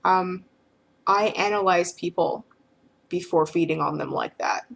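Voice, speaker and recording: A woman's voice: lowish voice, unhurried, vocal fry, fairly bright tone. Frank, rambling woman vlogger. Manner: rambling, frank, with frequent filler phrases. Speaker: vlogger answering questions. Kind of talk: casual talk to camera.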